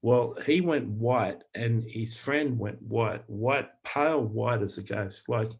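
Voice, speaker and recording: A man, a Christian author and minister, telling personal testimony stories in an earnest, plain-spoken way, halting often with fillers and repeated words. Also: medium pitch, breathy edge. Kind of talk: personal testimony storytelling to camera.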